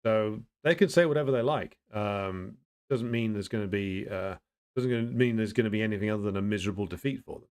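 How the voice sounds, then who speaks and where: A man hosting a casual livestream, greeting viewers and answering their comments in a blunt, opinionated way, pausing often to think and restarting his sentences. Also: fairly low pitch, a little mellow, smooth. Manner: thinks aloud with frequent pauses and restarts. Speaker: livestream host.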